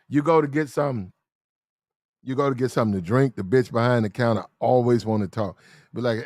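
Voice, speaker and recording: A man telling casual stories in a profane, animated way, acting out the other voices in the dialogue. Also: medium pitch, moderate pace, dry recording, studio quality. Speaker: reaction video host. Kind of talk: casual storytelling rant.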